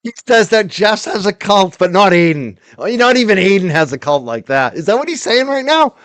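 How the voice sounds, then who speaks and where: A male stream host mocks a clip with sarcastic commentary, laughing often. His voice sits high for a man. The sound is dry and close. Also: sing-song, moderate pace, a bit bright, dry recording. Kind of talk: reaction commentary.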